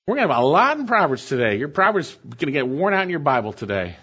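A man's voice: on the high side, sing-song, quick pace, fairly bright tone, slightly rough. Emphatic preaching man, lo-fi sound. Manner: emphatic, rhetorical questions to the congregation. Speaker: pastor. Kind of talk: sermon. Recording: dull lo-fi recording.

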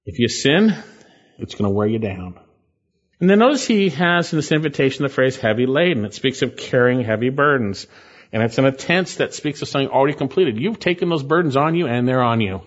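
A man preaching a sermon, earnest and emphatic, slowing down to stress phrases and pleading with listeners. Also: mid-range voice, expressive, highs cut off.

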